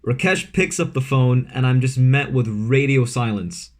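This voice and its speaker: A man's voice: medium pitch, normal speed. Laid-back young man telling a story. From Vancouver, Canada. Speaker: vlogger. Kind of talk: casual storytime. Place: his room at home.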